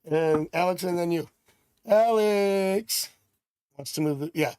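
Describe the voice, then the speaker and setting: A man's voice: sits high, takes it slowly, a little mellow, clean tone, no room sound, studio quality. A middle-aged man from Canada doing a live tarot reading, chatty and rambling with jokey asides. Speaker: tarot reader.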